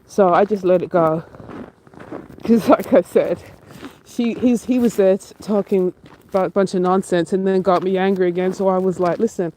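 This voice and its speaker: Animated vlogger on a noisy outdoor walk. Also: medium pitch, normal speed. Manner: animated storytelling with startled outbursts. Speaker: livestreaming vlogger. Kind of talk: casual walk-and-talk livestream. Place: outdoors on a cold street walk. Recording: noisy outdoor phone audio.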